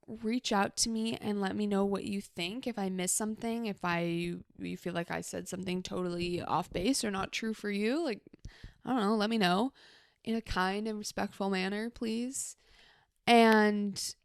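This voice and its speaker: A woman's voice: mid-range voice, creaky, clear, resonant tone, no room sound, studio quality. A young adult woman hosting a solo advice podcast, talking casually and reassuringly with a lot of "like" fillers. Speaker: podcast host.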